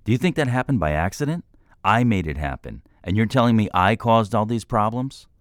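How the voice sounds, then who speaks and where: A man's voice: fairly low pitch, lively intonation, brisk, dry recording, clean studio sound, voice pushed up, lightly acted. A man voicing a defensive, indignant male business owner in an audiobook, protesting and snapping back. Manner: raises his voice, protests, snaps back. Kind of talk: audiobook character voice.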